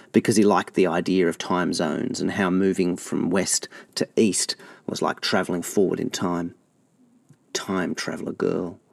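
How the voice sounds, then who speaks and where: A low-pitched man reads from his own novel, steady and measured. His delivery is intimate and unhurried, letting the lines breathe. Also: vocal fry, no room sound.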